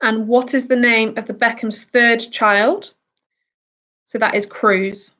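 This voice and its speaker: Slow-talking woman hosting a quiz. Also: fairly high pitch, steady tone, bright, forceful tone, lo-fi sound. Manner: chatty, reads out questions then answers with asides. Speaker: quiz host.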